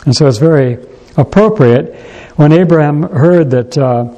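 A man preaching a sermon in a church, unhurried and thoughtful, pausing often and restarting his sentences. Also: fairly high pitch, dark tone, low-quality recording.

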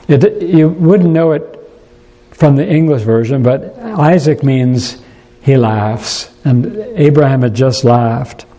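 Man giving a sermon in church, warm mellow voice, stops and starts a lot, takes his time. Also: on the high side, expressive, poor audio. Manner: unhurried, thoughtful, frequent hesitations and restarts. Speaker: preacher.

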